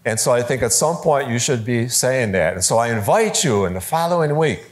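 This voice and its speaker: A man giving a conversational talk on preaching to a live audience, lively, with fillers and quoted voices, in a large room. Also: medium pitch, fairly quick. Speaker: speaker teaching preachers.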